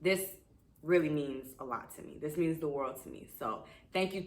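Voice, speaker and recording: A woman's voice: low voice, moderate pace, reverberant. A woman, a children's book author, telling a personal story in an emotional, chatty way with many fillers. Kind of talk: casual personal story to camera.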